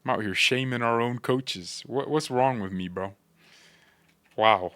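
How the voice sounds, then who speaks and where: A man hosting a football fan channel, chatting casually to his viewers with joking, slangy, animated reactions. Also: medium pitch, a little slow, clear, resonant tone, dry recording. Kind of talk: casual commentary to chat.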